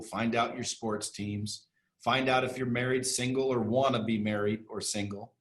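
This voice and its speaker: A man being interviewed as a guest, talking bluntly and emphatically with casual swearing and rapid-fire questions. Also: medium pitch. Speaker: interview guest, sales training entrepreneur. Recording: echoey room.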